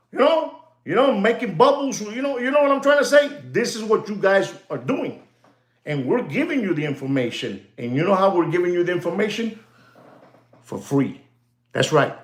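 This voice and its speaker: Male host, rambling streetwise monologue; high, very lively pitch. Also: brisk, roomy sound. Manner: animated, streetwise banter mixed with Spanish slang. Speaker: channel host.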